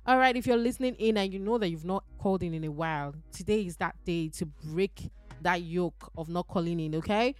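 A woman with a Nigerian accent hosting a radio call-in show from the studio, lively and coaxing, urging listeners to call in. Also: lowish voice, a little fast, no room sound, soft background music. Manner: lively, coaxing, laughs between lines. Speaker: radio host. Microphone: studio mic.

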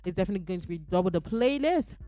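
A woman with a Nigerian accent hosting a radio call-in show from the studio, lively and coaxing, urging listeners to call in. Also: fairly low pitch, rapid-fire, faint music behind. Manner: lively, coaxing, laughs between lines. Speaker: radio host. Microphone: studio mic.

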